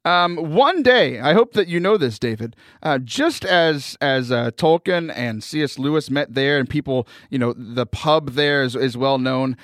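A man's voice: medium pitch, lively intonation, measured pace, few pauses, no echo. A man from the United States hosting a podcast in casual interview chat, chatty and jokey, often restarting his sentences. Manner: chatty, jokey, stumbles over starts. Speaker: podcast host.

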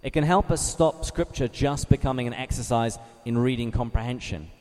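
A man from England, giving a measured teaching talk to a live group, reading scripture slowly and asking his listeners questions. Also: mid-range voice, darkish tone. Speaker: Bible study speaker. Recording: reverberant hall.

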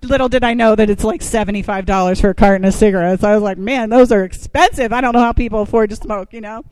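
A woman speaking to a church group, telling her own story with lots of asides and questions thrown at the audience. Her voice is smooth and clear, and the sound is dry and close. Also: medium pitch, steady tone, very fast, darkish tone, no room sound, poor audio. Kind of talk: personal testimony talk.

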